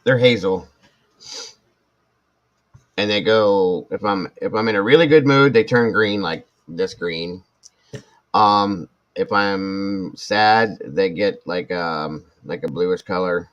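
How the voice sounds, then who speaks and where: Low-voiced man in his forties, rambling. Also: slow pace, lo-fi sound. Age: 40s. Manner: rambling, self-mocking, with frequent restarts. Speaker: live stream host. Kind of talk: casual chat reading viewer comments.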